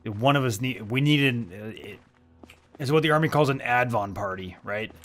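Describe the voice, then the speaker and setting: A man chatting casually with other players on a live game stream, easygoing and quick to laugh, with loose rambling banter. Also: mid-range voice, fairly bright tone, soft background music. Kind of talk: casual chat among players.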